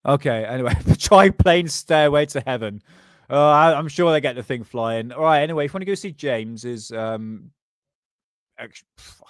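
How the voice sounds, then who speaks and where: A man's voice: medium pitch, no room sound, studio quality. A man hosting a live stream from his desk, casually chatting, joking, rambling and laughing often.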